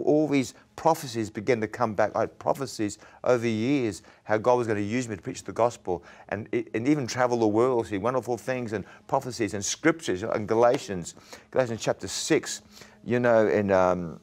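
A man, an evangelist, giving an earnest, halting testimony in an interview, often repeating words as he talks. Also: mid-range voice, a little mellow. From Australia. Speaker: evangelist guest.

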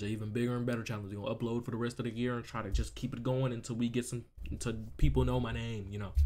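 A man's voice: mid-range voice, a little mellow. A young man talking casually over his gameplay as a YouTuber, repeating phrases and asking 'you feel me' often. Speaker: gaming YouTuber. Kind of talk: casual let's-play commentary.

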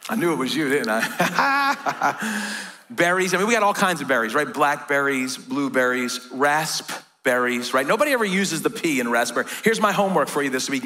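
A man's voice: on the high side, sharp tone. A middle-aged American man, a pastor, preaching a sermon in a church in a casual, joking way and often asking "right?".

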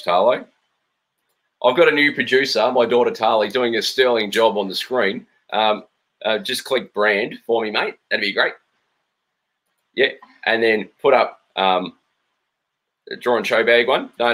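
An Australian man with a fairly low voice gives a jokey running commentary as he draws cartoons live. He is middle-aged, relaxed and full of ums, talking to his viewers like a friendly teacher. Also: unhurried, pauses often. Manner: playful, jokey running commentary with frequent ums while drawing. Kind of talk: live-stream drawing chat.

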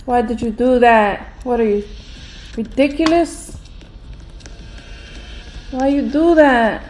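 A woman's voice: a little high, takes it slowly, darkish tone, a little hiss or hum. An older woman hosting a gaming channel, grumbling through a game with grumpy, sarcastic commentary.

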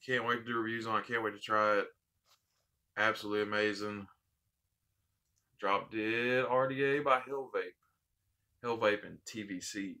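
A man's voice: on the low side, fairly even intonation, normal speed, pauses often, pushed and bright. A man hosting a casual unboxing vlog, heartfelt and rambling, repeating his thanks. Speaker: vape channel host.

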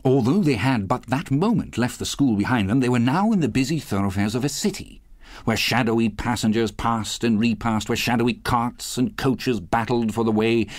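A man reading a classic novel aloud as an audiobook narrator, with expressive, varied delivery. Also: medium pitch, dry recording, clean studio sound. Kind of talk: scripted narration.

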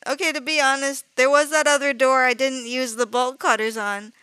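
A woman live-streams a horror game in a high, steady, bright voice that comes across forceful and smooth, at normal speed with no echo. She's jumpy and easily frightened, laughing nervously and shrieking at scares. She swears casually and keeps apologizing to her viewers.

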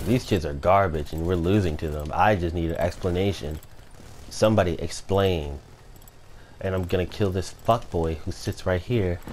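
A man's voice: low-pitched, normal speed, darkish tone, a little hiss or hum. A man commentating his own gameplay, swearing and ranting at teammates and opponents. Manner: profane trash-talking, ranting at teammates. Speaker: gamer.

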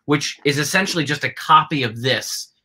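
A man talks warmly and playfully as moderator of an author conversation. His voice is bright and forward. It comes through a video-call microphone. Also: on the high side, normal speed, husky, rough recording. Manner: playful, enthusiastic. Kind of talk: casual chat.

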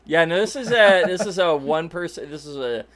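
A man's voice: on the high side, expressive, moderate pace, fairly bright tone. A man acting as game master, casually explaining the rules of a tabletop role-playing game and laughing easily.

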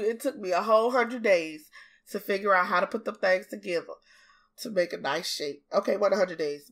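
A woman with a Southern US accent and a stuffy, congested nose chats casually over a video. She is bubbly, playful and chatty. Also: medium pitch. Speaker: gaming YouTuber.

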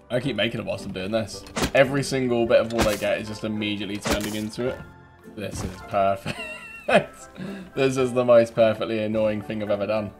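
A young British man giving cheeky gameplay commentary, laughing often and breaking into loud taunting yells. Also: fairly low pitch. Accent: British English. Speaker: gaming YouTuber.

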